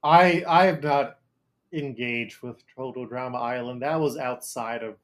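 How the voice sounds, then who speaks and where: Podcast host guy, middle pitch, dry jokey tone. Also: measured pace, a bit bright. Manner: leads the segment, dry jokey asides. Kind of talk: casual podcast chat.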